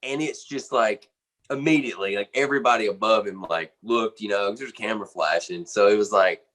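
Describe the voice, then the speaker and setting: A man, a band's drummer, telling a backstage story in an animated, casual way, full of "man" and "you know.". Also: on the low side, brisk. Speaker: band drummer interviewed.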